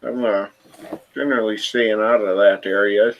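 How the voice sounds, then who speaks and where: A man's voice: fairly low pitch, fairly even intonation, normal speed, muffled recording, natural voice. A man voicing a crude, wary male rat-man who lives in the sewers, talking bluntly and with swearing, in a tabletop role-play. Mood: guarded. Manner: blunt, profane, laid-back.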